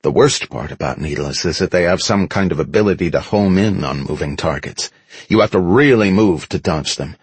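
A man narrates a first-person action story for an audiobook in a low, husky voice. His pitch swings widely with dramatic emphasis. The recording is close and dry. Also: no echo.

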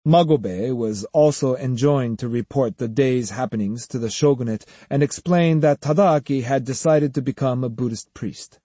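A man narrates an audiobook in a steady, even storytelling voice. His tone is husky and dark, recorded close and dry. He keeps a slightly raised, calm delivery. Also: mid-range voice, moderate pace, hardly any pauses, dry recording. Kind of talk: scripted narration.

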